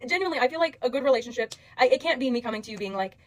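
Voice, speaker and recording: A woman's voice: a little high, expressive, rapid-fire, low-quality recording. A young woman talking straight to her followers, earnest and emotional, rambling through plenty of fillers as she asks for patience. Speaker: social media creator. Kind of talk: direct-to-camera address to followers.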